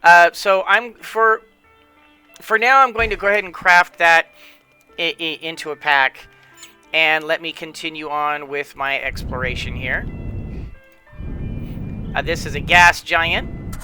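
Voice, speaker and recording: A man's voice: on the high side, fairly even intonation, unhurried, pauses often, pushed and bright, faint music behind. A man casually explaining a space strategy game as he plays, tired late at night, rambling with lots of fillers and restarts. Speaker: gameplay commentator. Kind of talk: casual let's-play commentary.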